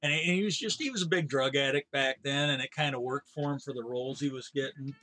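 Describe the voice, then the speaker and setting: A man's voice: medium pitch, fast, sharp tone, rough recording. A man streaming a game live, retelling a story in a rambling, meandering way. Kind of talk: rambling casual chat while gaming.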